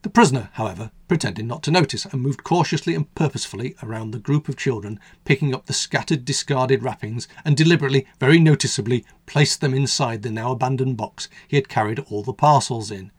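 A man hosting a radio show and narrating a storybook tale in a wry, measured way. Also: mid-range voice, breathy edge, dry recording.

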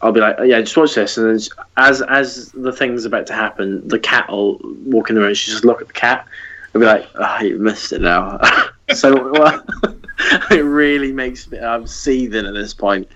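A man's voice: mid-range voice, normal speed, highs cut off. A man co-hosting a casual podcast chat, telling stories by acting out back-and-forth exchanges. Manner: animated storytelling with quoted exchanges. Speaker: podcast co-host.

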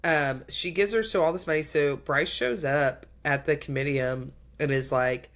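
A woman's voice: sits low, normal speed. A woman co-hosting a book podcast, casually retelling a plot with acted-out quotes and swearing. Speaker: podcast co-host.

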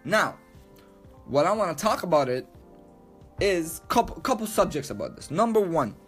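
A man ranting loudly and emphatically, swearing a lot and repeating himself. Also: high voice, sing-song, moderate pace, husky, soft background music. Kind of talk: profane rant to camera.

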